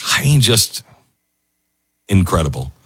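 Man, talk host, husky voice, lively pitch, earnest and emotional. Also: slow, no echo, studio quality. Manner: earnest, emotional, talking through tears. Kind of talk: emotional commentary.

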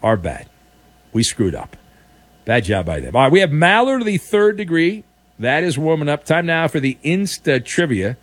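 A man's voice: on the high side, big pitch swings, moderate pace, no room sound. A male sports talk radio host with a playful, teasing manner, taking calls on a studio mic.

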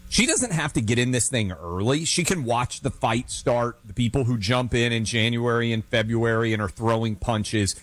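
A man's voice: medium pitch, normal speed, few pauses. A man on talk radio giving confident political commentary and advice. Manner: confident, advisory. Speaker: radio talk show co-host.

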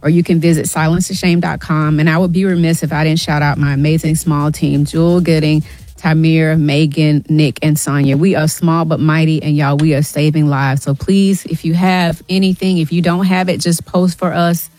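A woman's voice: low voice, level tone, normal speed, a little mellow, dry recording. A middle-aged woman guest on a radio show, speaking with earnest urgency and often saying "y'all". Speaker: guest, nonprofit founder. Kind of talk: emotional radio interview.

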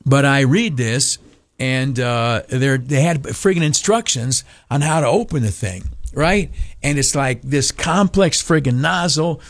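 A man's voice: mid-range voice, a little slow, no room sound, clean studio sound. A man from the United States hosting radio talk, complaining in a cranky, sarcastic rant with plenty of fillers. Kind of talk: ranting monologue.

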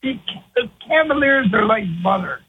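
A man's voice: very high-pitched, expressive, normal speed, breathy edge. A man calling in to a sports radio show, talking brash and blunt over a tinny phone line. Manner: brash, blunt trash talk. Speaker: caller.

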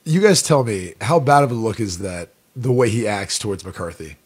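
Husky low-voiced sports radio co-host. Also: male voice, lively intonation, normal speed. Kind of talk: casual sports radio banter. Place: radio studio.

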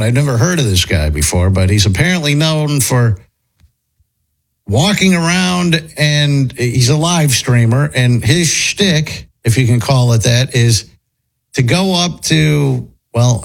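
A man's voice: mid-range voice, expressive, unhurried, rough recording. A man hosting a casual commentary chat, talking in a conversational way with restarts as he reacts and thinks aloud. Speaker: host.

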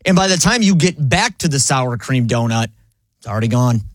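A man's voice: mid-range voice, animated, brisk, no room sound. A man co-hosting a morning radio show, chatting in an easygoing way and laughing along. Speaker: radio co-host. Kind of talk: casual radio chat.

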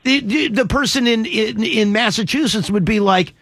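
A man hosting a radio morning show, chatting casually with co-hosts and callers, animated and joking. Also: sits high, slight background noise. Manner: animated, joking, quick to laugh. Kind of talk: casual radio chat taking calls.

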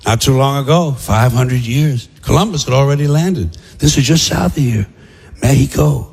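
A man's voice: mid-range voice, normal speed, gravelly, a little mellow, husky. A man doing a stand-up comedy set, with a sardonic, punchy, rhythmic delivery. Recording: live theater with long reverb.

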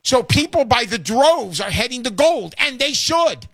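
A man hosting a call-in radio show, talking in a loud, salesman-like way and shouting his jokes. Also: very high-pitched, big pitch swings, unhurried, dry recording, clean studio sound.

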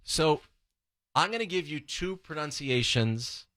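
Lively radio host. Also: male voice, on the high side, measured pace, no echo, studio quality. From Los Angeles. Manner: lively, playful, easily exasperated. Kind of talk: morning radio banter. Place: radio studio. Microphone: studio microphone.

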